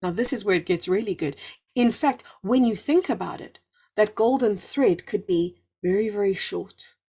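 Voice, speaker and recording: A woman with a soft, breathy, slightly husky voice hosts a live spiritual talk. She speaks effusively and encouragingly, stretching out emphatic words as she answers her viewers. Her pitch sits in a middle range. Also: moderate pace. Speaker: spiritual livestream host. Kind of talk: live spiritual talk reading chat comments.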